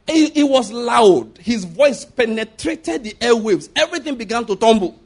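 A man with a Nigerian accent preaching a sermon, animated, asking rhetorical questions and chuckling often. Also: very high-pitched, slow, slightly rough.

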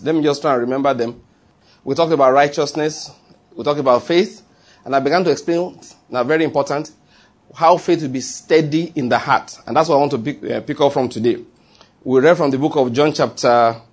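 A man's voice: on the high side, slightly rough. A middle-aged male pastor preaching a sermon, emphatic and repeating his key phrases.

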